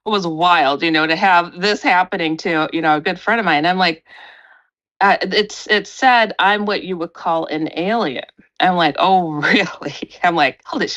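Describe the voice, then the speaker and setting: A middle-aged woman, a paranormal researcher and radio host, telling a story in an animated way, acting out quotes with big jumps in pitch. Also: highs cut off.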